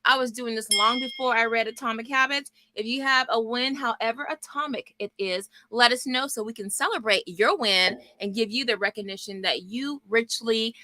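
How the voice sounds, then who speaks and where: A middle-aged woman from Texas hosting a homeschool book club livestream from her small home office, lively and chatty, greeting viewers by name. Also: fairly high pitch, moderate pace, few pauses, dry recording. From Texas, US South. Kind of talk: casual livestream book chat. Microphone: desk mic.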